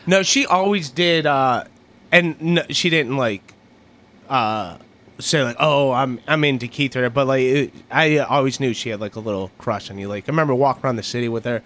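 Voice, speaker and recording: A man guest on a comedy talk show, rambling through anecdotes with giggles and loud acted-out bits. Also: mid-range voice, normal speed. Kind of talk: casual comedic chat.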